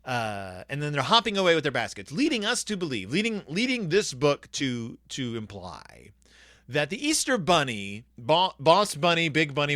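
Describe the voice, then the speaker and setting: A man's voice: mid-range voice, pushed and bright, dry recording, clean studio sound. A man hosting a podcast, chatting casually and enthusiastically about a children's book, rambling and acting out the characters. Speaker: podcast host reviewing children's books. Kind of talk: casual book review chat.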